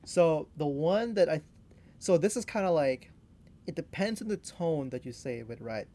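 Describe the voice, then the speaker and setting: Young man, podcast co-host, slightly raised pitch, hesitant casual talk. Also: lively intonation, normal speed, dark tone. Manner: loose and hesitant, lots of "like" and "you know". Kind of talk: casual chat.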